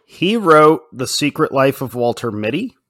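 A man co-hosting a podcast, talking in a relaxed casual way and laughing easily. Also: medium pitch, normal speed, no room sound, clean studio sound. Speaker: podcast co-host. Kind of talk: casual chat.

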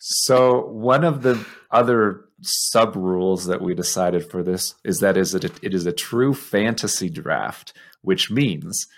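Deep gravelly male podcast host. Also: takes it slowly, hardly any pauses. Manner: easygoing, wry, multitasking while talking. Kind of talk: casual chat.

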